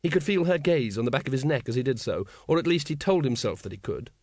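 A man narrating a novel in a wry, expressive storytelling manner. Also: medium pitch, fast talker, dry recording, clean studio sound. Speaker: audiobook narrator. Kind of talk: scripted narration.

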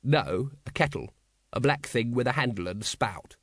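A weary, bitter guard captain, voiced by a man reading aloud, gruff and glum, with terse replies. His intonation still rises and falls in lively swings, and the sound is dry and close. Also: mid-range voice, normal speed, dry recording. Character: weary, bitter middle-aged male city guard captain. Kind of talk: audiobook character voice.

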